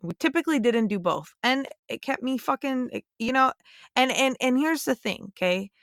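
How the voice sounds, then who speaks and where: A woman's voice: high-pitched, lively intonation, moderate pace, a bit bright, no echo, studio quality. A young woman and police officer hosting a podcast, lecturing listeners bluntly and emphatically, with plenty of swearing. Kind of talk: blunt opinionated monologue.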